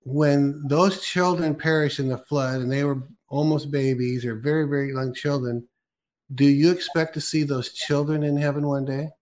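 A man in his sixties co-hosts a casual faith talk show. His voice sits a little high for a man. He muses his way through questions and often restarts or trails off mid-sentence. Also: steady tone, moderate pace, a little mellow. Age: 60s. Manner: musing, with many restarts and fillers. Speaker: co-host.

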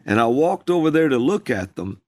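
A man, a minister, telling a personal story in conversation, slow and drawn out. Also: big pitch swings, darkish tone, dry recording. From USA. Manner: slow, drawn-out storytelling with calls acted out in a high voice.

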